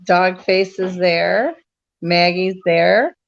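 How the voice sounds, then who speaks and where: A woman guest on a radio show chats casually over a video call, laughing easily. Her lowish voice is extremely slow and carries vocal fry. The video call audio sounds dull.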